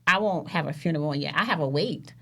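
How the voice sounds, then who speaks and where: A woman's voice: low voice, fast talker, creaky. Blunt, foul-mouthed woman podcaster. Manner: blunt, swears freely, acts out quotes. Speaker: podcast co-host. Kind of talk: casual chat.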